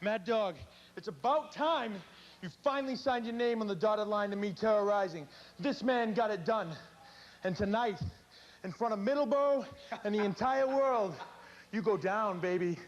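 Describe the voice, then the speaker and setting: A man's voice: high-pitched, normal speed, highs cut off, a little hiss or hum, voice pushed up, close to an everyday voice. A man voicing a hyped male wrestling promo talker who taunts an opponent.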